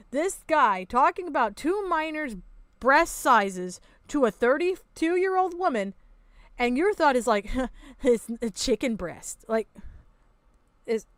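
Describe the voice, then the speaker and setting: A woman's voice: sits high, a bit bright, no echo. A woman hosting a reaction commentary, ranting in a sarcastic, exasperated way and swearing freely. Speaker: commentary channel host.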